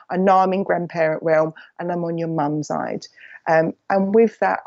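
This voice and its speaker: A woman with an Essex accent giving a live mediumship reading, chatty and affectionate, hopping quickly from one thought to the next. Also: mid-range voice, creaky, a little mellow, highs cut off. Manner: rambling, jumps between thoughts; chatty and affectionate, calls people "my lovely". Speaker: psychic medium.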